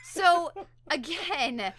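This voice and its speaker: Bright, animated young woman podcast co-host. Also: high-pitched, extremely slow. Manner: animated, acts out characters' lines while retelling. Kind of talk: casual chat recapping an episode.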